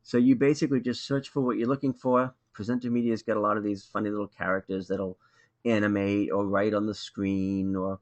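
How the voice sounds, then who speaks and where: A man with a Boston accent walks through a live webinar tutorial, speaking into a computer mic. His voice sits a little low, and his delivery is relaxed and conversational, with a scattering of ums. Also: brisk, muffled recording. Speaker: webinar presenter.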